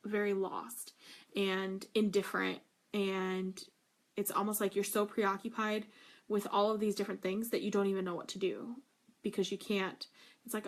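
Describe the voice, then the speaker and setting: A woman's voice: medium pitch, level tone, moderate pace. A young woman talking in a casual devotional vlog, gushing and emphatic, with many fillers and restarts. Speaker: faith vlogger.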